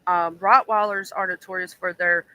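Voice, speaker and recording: A man's voice: sits high, fairly even intonation, normal speed, background noise. A man hosting a stream, chatting casually and rambling with lots of ums and "you know"s, laughing as he tells childhood stories. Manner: laughs and acts out childhood voices. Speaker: stream host. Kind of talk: casual chat.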